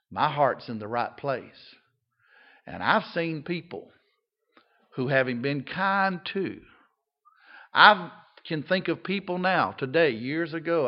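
An older man delivers a homespun sermon in a slightly high voice. He swings from loud, emphatic lines to quiet, soft ones. The recording is dull and lo-fi. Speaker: pastor.

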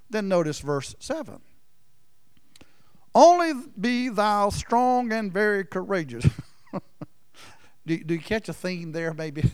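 Folksy preacher, dry sound. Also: male voice, high voice, animated, slow pace, pauses often, dry recording. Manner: folksy storytelling, swings from loud emphasis to near-whispers. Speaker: pastor. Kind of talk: sermon.

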